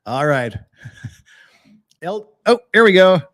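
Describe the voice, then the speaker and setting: Animated man hosting a live legal stream. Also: high voice, slow pace. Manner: animated, joking, chatty with chat. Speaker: podcast host.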